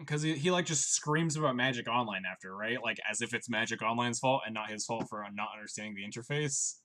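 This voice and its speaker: A young man commentating his own card game on a live stream, chatty and wry, thinking out loud. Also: medium pitch, brisk.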